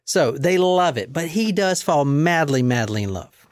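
Woman, podcast host, casual true-crime storytelling, animated, dry close mic. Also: a little slow, dry recording. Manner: animated, swears casually, drops to low emphasis.

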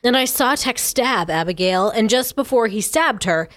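Woman gravely reading true crime quotes. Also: fairly high pitch, animated, moderate pace, a bit bright, no room sound. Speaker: co-host.

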